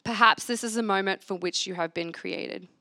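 Her medium-pitched voice sounds pushed and bright as she moves at a moderate pace through a church reflection. She reads scripture and earnestly asks the room to repeat affirmations back, sermon-style with call and response. It's a dry, studio-quality recording from a church gathering.

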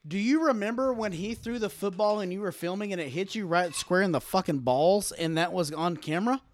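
A man's voice: sits high, a little fast. A man co-hosting a casual chat, teasing, laughing often and swearing.

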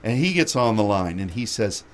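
Animated man telling a travel story. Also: on the low side, moderate pace, slight background noise. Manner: animated anecdote with frequent laughter. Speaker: radio show host. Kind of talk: storytelling chat.

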